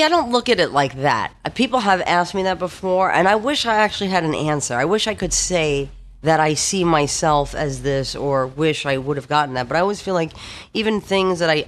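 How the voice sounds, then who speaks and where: A middle-aged woman guest telling animated stories in casual conversation. She laughs easily and keeps her anecdotes moving. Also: deep voice. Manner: animated storyteller, laughs often. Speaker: guest actress. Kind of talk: casual chat.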